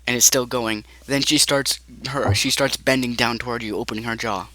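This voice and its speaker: A man's voice: mid-range voice, steady tone, moderate pace, pushed and bright, rough recording. A man improvising a horror choose-your-path story as game master, with frequent restarts.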